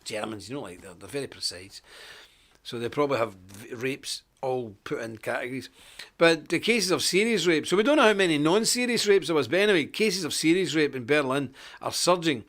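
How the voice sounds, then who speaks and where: A middle-aged man hosting a live stream, chatting casually, greeting viewers by name and jumping up in pitch when he stresses a point. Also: expressive, fairly quick, a bit bright.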